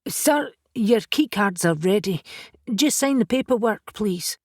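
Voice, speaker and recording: A woman's voice: mid-range voice, animated, unhurried, darkish tone, no echo, clean studio sound, voice pushed up. A woman voicing a nervous young male hotel receptionist with a thick Scottish accent, polite and anxious. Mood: nervously polite.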